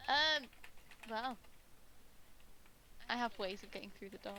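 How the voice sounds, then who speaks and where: Giggly high-voiced woman player. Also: measured pace, bright, forceful tone, slight background noise. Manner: giggly, playful, swearing. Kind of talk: casual tabletop play over voice chat.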